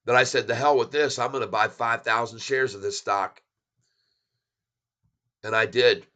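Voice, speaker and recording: A man hosting a casual stock market vlog, talking bluntly and with excitement. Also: medium pitch. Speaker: stock channel host.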